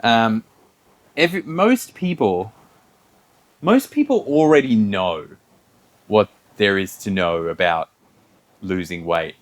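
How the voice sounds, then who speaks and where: A man's voice: fairly low pitch, animated, takes it slowly, long pauses. A man co-hosting a podcast, chatting casually and telling a story, acting out the people in it and laughing often. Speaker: podcast co-host. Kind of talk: casual chat.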